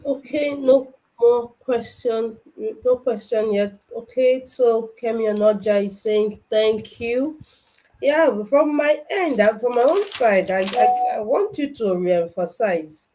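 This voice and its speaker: A Nigerian woman moderating a conference session, her voice high and mellow. She speaks with hesitant starts and restarts as she frames a question. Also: slow pace, slight background noise, low-quality recording.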